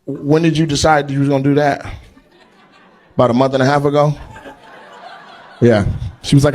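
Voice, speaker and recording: A middle-aged man doing stand-up crowd work on a live comedy stage, teasing audience members with loud, profane banter. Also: mid-range voice, steady tone, a little fast, long pauses.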